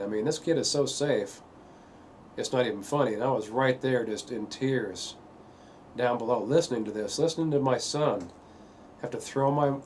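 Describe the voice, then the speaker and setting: A man earnestly telling a painful family story in a halting way, full of fillers. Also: medium pitch, darkish tone, slight background noise. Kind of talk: personal testimony.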